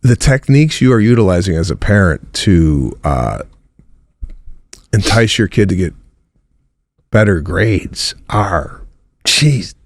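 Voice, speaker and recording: Slow, gravelly-voiced man. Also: low voice, lively intonation. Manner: slow, halting, filler-heavy. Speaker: podcast co-host. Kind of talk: casual chat.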